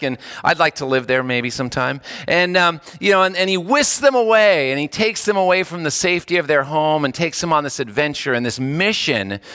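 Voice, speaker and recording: A man preaching a sermon, telling a story in an animated, earnest way and repeating phrases for emphasis. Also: fairly high pitch, clean tone.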